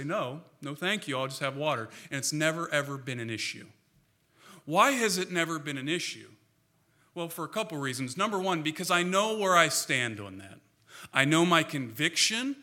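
A man's voice: on the high side, sharp tone. A man preaching a sermon in a church, earnest and emphatic, often asking the congregation rhetorical questions. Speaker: pastor.

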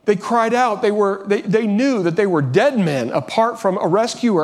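A man's voice: high-pitched, expressive, normal speed, few pauses. A man preaching a sermon as pastor, earnest, often restarting and repeating phrases, rising when he urges.

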